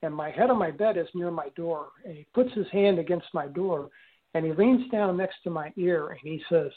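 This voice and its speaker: Older man, halting story over tinny phone line. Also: fairly high pitch. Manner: halting, with frequent restarts and fillers. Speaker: guest recounting an experience. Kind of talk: storytelling interview.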